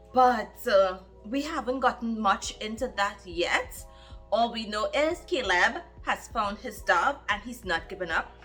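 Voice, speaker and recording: Slow-talking bright woman book vlogger. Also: mid-range voice. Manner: animated, exclaims questions, recaps the plot with quoted lines. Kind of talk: casual reading vlog commentary.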